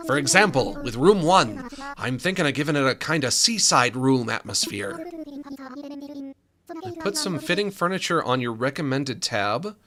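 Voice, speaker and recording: A man voicing a bubbly female pirate creature who talks in a high, chirpy pirate lilt full of "ye" and "arr". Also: big pitch swings, normal speed, a crowd in the background, close to an everyday voice. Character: bubbly pirate woman creature, the captain's wife.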